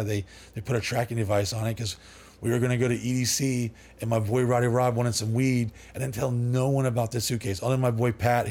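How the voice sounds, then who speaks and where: A man's voice: medium pitch, a little mellow, slightly rough. A man as a podcast guest, telling long rambling stories with lots of swearing, fillers and restarts. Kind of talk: casual storytelling.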